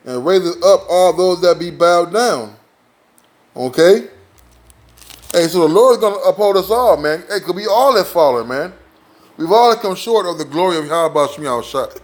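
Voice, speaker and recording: A man preaching a sermon in a loose, conversational way, dropping "man" and "all right?" between points and slowing down to read scripture aloud. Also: high-pitched. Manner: informal, peppers lines with "man" and "all right?". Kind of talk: street-style sermon with scripture reading.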